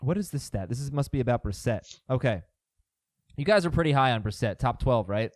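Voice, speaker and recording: A man hosting a casual sports chat show in a studio, quick and questioning as he steers his panel. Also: medium pitch, animated, dry recording. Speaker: show host.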